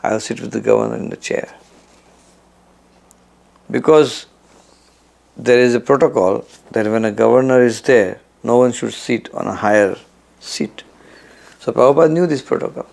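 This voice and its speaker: A man recounting memories of his spiritual teacher, acting out the quoted lines with a louder, higher voice. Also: normal speed, vocal fry, pauses often. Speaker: devotee recalling memories. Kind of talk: storytelling reminiscence.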